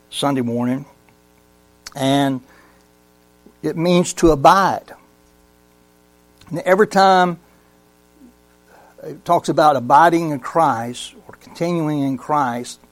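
A man teaching a Bible study in a conversational way, asking the congregation questions and reading scripture slowly. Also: a little high, a little mellow, no room sound. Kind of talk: sermon-style Bible teaching.

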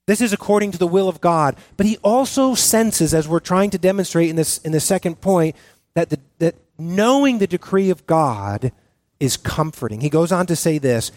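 A man preaching a sermon as pastor, earnest and halting, often restarting his sentences with fillers. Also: fairly high pitch, lively intonation, a little mellow, no echo.

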